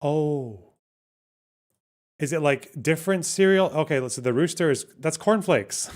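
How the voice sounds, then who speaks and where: Speaking slowly with frequent pauses and a fairly high pitch, a male livestream host chats casually in response to chat and clips. He curses, reacts with disbelief, and restarts his thoughts as he goes.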